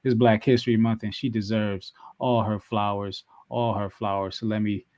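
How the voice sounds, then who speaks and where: A man's voice: on the low side, flat delivery, normal speed, a little mellow, no room sound. Laid-back man with a dry close sound. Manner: laid-back, repeats himself, lots of "you know what I'm saying". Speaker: podcast co-host. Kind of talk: casual wrestling podcast chat.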